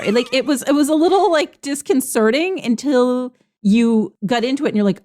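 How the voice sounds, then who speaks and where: Female co-host, somewhat high voice, flustered and emphatic, casual chat. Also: normal speed. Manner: exasperated, excitable. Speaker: podcast co-host.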